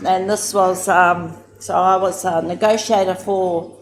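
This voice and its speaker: A woman from New Zealand with a New Zealand accent, giving a reflective talk. She searches for words and turns lively and amused when she tells stories. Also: on the low side, unhurried, a little hiss or hum. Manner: thoughtful, searching for words, many "you know"s. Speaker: speaker at a research gathering.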